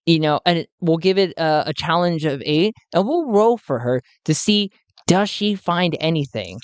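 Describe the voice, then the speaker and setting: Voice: medium pitch, clear, resonant tone, no echo. A solo tabletop game narrator who thinks aloud and often chuckles.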